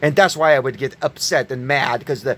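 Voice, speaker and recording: A man giving an angry, profane religious rant, yelling at his listeners. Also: mid-range voice, fairly quick, slight background noise. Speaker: online preacher.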